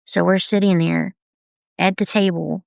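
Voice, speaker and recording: A woman talking openly and tenderly on a live video about heavy times, unhurried and confiding. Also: lowish voice, fairly even intonation, vocal fry, no echo. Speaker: artist sharing on a live video. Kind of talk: candid personal live stream.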